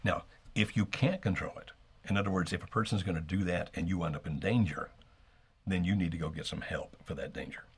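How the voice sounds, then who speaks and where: A middle-aged man co-hosting an advice talk, speaking in a measured, steady way and modeling calm phrasing. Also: sits low, breathy edge. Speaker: co-host giving relationship advice.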